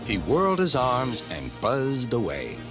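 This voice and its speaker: A man narrating a children's storybook tale slowly and unhurriedly. His voice rises and falls very expressively. Music plays clearly behind him. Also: medium pitch, wildly swooping pitch. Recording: background music.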